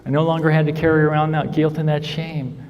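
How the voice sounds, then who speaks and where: A man's voice: a little high, flat delivery, quick pace, highs cut off. A man telling his own recovery story to a convention crowd, in earnest storytelling with frequent "right?" checks. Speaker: recovery speaker. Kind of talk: personal testimony talk. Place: large convention hall. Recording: convention hall with long reverb.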